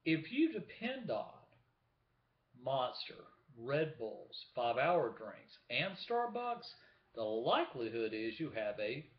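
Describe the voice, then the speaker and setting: A man's voice: medium pitch, sing-song, slow. Guy vlogging from his room, voice jumps all over, echoey and kinda dull sounding. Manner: chatty, showing gear to the camera. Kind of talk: casual talk to camera. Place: room at home with window open.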